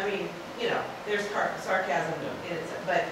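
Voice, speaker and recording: A woman's voice: fairly low pitch, steady tone, normal speed. A woman in a Bible class, sharing her thoughts in a hesitant, thoughtful way. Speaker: class member. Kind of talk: group discussion. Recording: echoey room from far off, loud noise.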